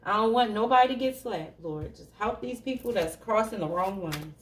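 A woman's voice: medium pitch, lively intonation, moderate pace, noisy background. A woman reading tarot cards for her viewers in a casual, chatty way, laughing often and talking to them directly. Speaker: tarot reader. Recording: echoey room, voice a bit far from the mic.

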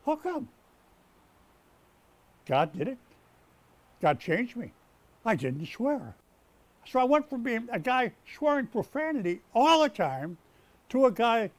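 An older man preaches with a high, lively voice that swoops up as he builds to his points. He stumbles and repeats words, then presses on. The sound is dry and close. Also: no room sound. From United States. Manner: stumbles and restarts mid-sentence. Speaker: pastor. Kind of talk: sermon. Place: rescue mission chapel.

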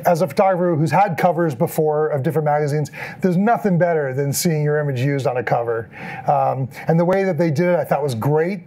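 A middle-aged man giving a storytelling talk as an event photographer, acting out the lines people said. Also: fairly high pitch. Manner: animated, acts out quoted lines in the story. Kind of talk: storytelling presentation.

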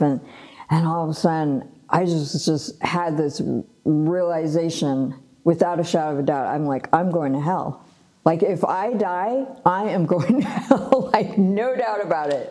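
A middle-aged woman from Los Angeles, a guest telling her life story in a casual, animated way, with frequent laughs, fillers and restarts. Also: low voice. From Los Angeles, USA. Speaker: guest sharing her testimony.

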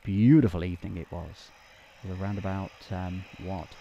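A man from the north of England hosting a live stream, chatting excitably with lots of fillers and laughs. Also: sits low, moderate pace, dull audio, crowd noise. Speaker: livestream host. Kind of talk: casual live chat reading viewer comments.

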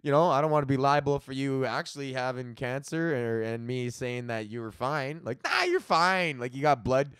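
A thirty-year-old man talks through his own comedy podcast in a loose, rambling way, swearing freely and laughing at his own jokes. His voice sits at an ordinary middle pitch. The sound is dry and close, with no room echo. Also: steady tone, normal speed, few pauses, clear, resonant tone. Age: 30s. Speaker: podcast host. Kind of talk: casual solo comedy podcast rant.

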